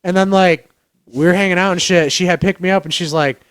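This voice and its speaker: A man's voice: high voice, fairly even intonation, a little fast, a bit bright, smooth, no room sound. A young man, co-hosting a podcast in a living room, tipsy, loose and profane, telling stories and laughing. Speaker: podcast co-host. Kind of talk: drunk casual chat.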